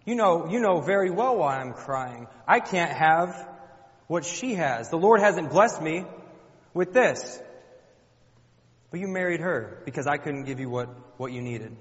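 A grieving, childless woman lashes out in loud, anguished accusations, her voice pushed high and strained as a male preacher acts her out. The sound is dull and muffled, with a long reverb trailing through a big hall. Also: lively intonation, fairly quick, few pauses, natural voice. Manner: raised, anguished accusing outbursts.

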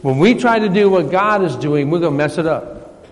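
Pastor, man, high-pitched, folksy conversational sermon, long church reverb. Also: expressive, moderate pace. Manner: folksy, conversational preaching with retold dialogue.

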